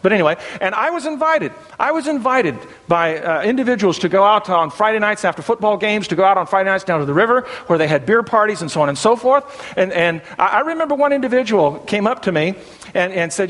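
A man's voice: high voice, big pitch swings, fairly quick, fairly bright tone, long reverb tail. A middle-aged man from the American South with a Southern accent, preaching an earnest sermon in a church. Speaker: pastor. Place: church sanctuary.

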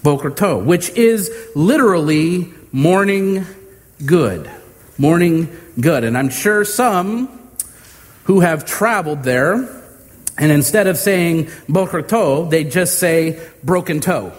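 A man preaching a sermon to his congregation, measured and emphatic, with homey humor and deliberate pauses. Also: fairly high pitch, expressive. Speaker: pastor. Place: church sanctuary. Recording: long hall reverb.

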